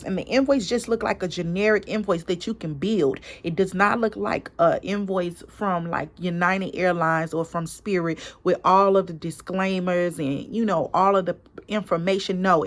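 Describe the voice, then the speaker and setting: Woman telling an emphatic storytime. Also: on the low side. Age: adult parent. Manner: emphatic, animated retelling with quoted dialogue. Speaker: vlogger and small business owner. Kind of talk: casual storytime vlog.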